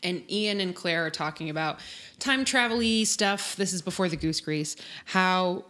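A woman's voice: on the low side, moderate pace, pushed and bright. A woman co-hosting a podcast, chatting casually as she recaps a TV episode, acting out quotes in funny voices. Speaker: podcast co-host.

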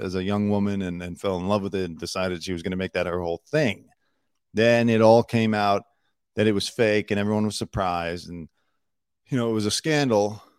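A man hosts an entertainment news rundown with a somewhat low voice. He delivers snarky, opinionated asides in a loose, casual way, full of fillers and restarts. His voice sounds close and dry. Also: clear, resonant tone, no echo.

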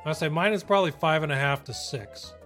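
A man's voice: a little high, fast talker, a bit bright, faint music behind. Chatty man co-hosting a gaming podcast. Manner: loose, rambling, laughs often. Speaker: podcast co-host. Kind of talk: casual podcast chat on a live stream.

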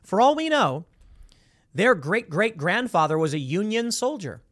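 A man hosting an opinion commentary show, talking in a sarcastic, mocking and animated way about a video. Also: high-pitched, a little slow, no room sound, studio quality.

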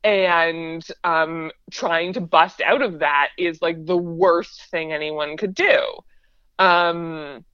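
A woman co-hosting a casual podcast chat, talking fast and laughing often. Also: lowish voice, fairly even intonation, fairly bright tone, clear, resonant tone, no echo, highs cut off. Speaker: podcast co-host.

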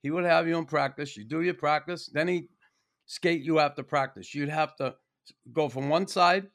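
Profane, animated podcast host. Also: male voice, fairly high pitch, moderate pace. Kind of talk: casual chat.

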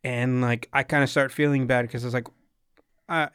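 A man's voice: medium pitch, steady tone, moderate pace, a bit bright, clear, resonant tone, no room sound, studio quality. A young man casually telling a long rambling story, swearing often and acting out what people said. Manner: rambling storyteller, swears a lot, acts out quotes. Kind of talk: casual chat.

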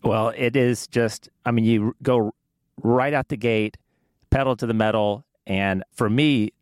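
Brief: male host, smooth clear voice, dry close mic. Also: mid-range voice, steady tone, measured pace, no room sound. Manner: friendly, laughs along. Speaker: podcast host. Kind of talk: casual interview chat.

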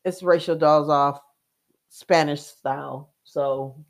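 A woman, co-hosting a casual chat and telling stories in an animated way, with fillers and laughs. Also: deep voice, slow pace. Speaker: co-host.

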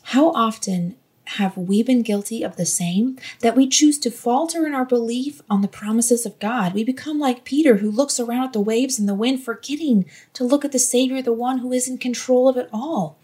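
This is a woman delivering a devotional Bible lesson. She sounds earnest and gently encouraging. Her voice sits a little high and has a soft, breathy edge. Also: normal speed. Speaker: Bible teacher.

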